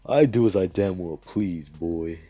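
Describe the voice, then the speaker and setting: Guy voicing a menacing young cartel boss, blunt and sweary, husky low voice. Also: a little slow, warm tone, no echo, faint music behind.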